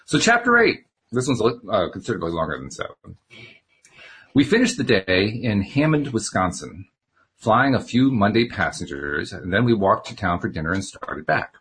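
A man's voice: fairly low pitch, expressive, moderate pace, fairly bright tone, slightly rough. A man reading a novel aloud chapter by chapter, breaking off for chatty asides. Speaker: reader.

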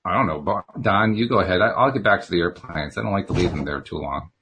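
A man's voice: low-pitched, fast talker, noisy background. A man voicing an irked, earnest male pilot telling his own story in a novel read aloud, protesting in a raised voice. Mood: hesitant.

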